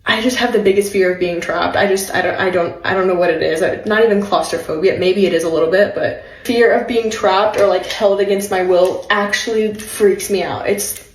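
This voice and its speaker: Young woman, casual storytime vlog, chatty, laughs a lot, mid-pitched voice, roomy echo. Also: fairly even intonation, fairly quick. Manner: chatty, laughs often, many "like" fillers.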